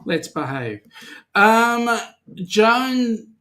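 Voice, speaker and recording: A man's voice: high-pitched, big pitch swings, very slow, pushed and bright. A man with an Australian accent co-hosting a casual live-stream chat, greeting viewers by name and teasing them. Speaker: podcast co-host.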